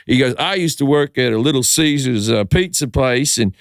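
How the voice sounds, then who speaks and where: In clean, studio-quality audio with no room sound, a man with a mid-range voice speaks at normal speed. He's a comedian guest on a podcast casually telling a story, animated, acting out the people in it and swearing freely.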